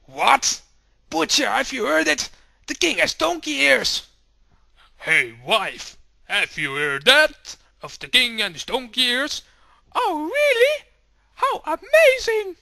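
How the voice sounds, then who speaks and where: A man voicing excited gossiping townsfolk in a storybook tale, loud and high. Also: takes it slowly, gravelly, dry recording, exaggerated voice.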